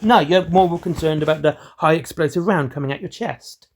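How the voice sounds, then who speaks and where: A man hosts his own channel and talks straight to camera. His voice sits a little high for a man. He delivers it all in a self-described monotone and wanders from point to point. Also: normal speed. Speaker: hobby channel host. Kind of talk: rambling solo commentary.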